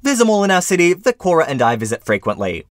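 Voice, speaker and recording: A man reading Reddit stories aloud with his own commentary, in an expressive storytelling manner. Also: sits high, quick pace, no echo, clean studio sound. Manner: animated, expressive storytelling with wide swings. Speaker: narrator.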